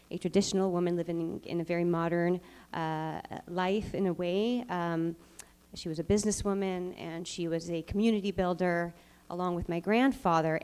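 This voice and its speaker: A woman's voice: mid-range voice, a little mellow. A woman speaking at an evening event, telling a personal family story, with ums and restarts.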